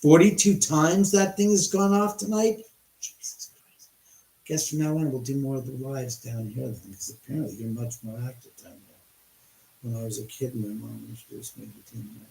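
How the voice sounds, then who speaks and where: A man hosting a livestream from his house, rambling and excitable with many restarts and some swearing. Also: medium pitch, normal speed, vocal fry, roomy sound, slight background noise, rough recording. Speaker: livestream host. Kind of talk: live-stream storytelling.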